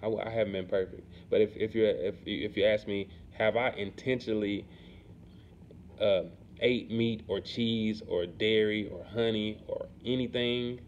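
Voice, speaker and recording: A man chatting casually to camera in a relaxed, rambling way, often asking "you know what I'm saying". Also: fairly low pitch, unhurried. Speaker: vlogger. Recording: dull lo-fi sound with faint background noise.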